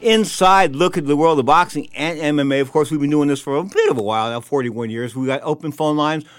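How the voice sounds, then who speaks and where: A male radio host, slightly out of breath, speaks in a high-ish voice and rushes his words. He rambles with lively energy through a live sports talk show in a studio, and the sound is close and dry. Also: smooth, no room sound. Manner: energetic, rambling, leans on "of course".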